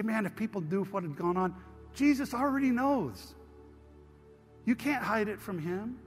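A pastor preaching to his congregation, telling stories in a conversational way and then leading a prayer. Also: high-pitched. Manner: storytelling, conversational, addresses congregation directly. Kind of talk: sermon with prayer. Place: church sanctuary.

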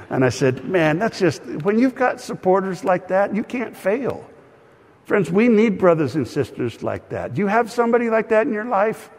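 A male pastor delivers a sermon in an earnest, conversational way, drawing the congregation into call-and-response. His voice sits a little higher than most men's. A long reverb trails each phrase, as in a church hall. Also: expressive, brisk, darkish tone.

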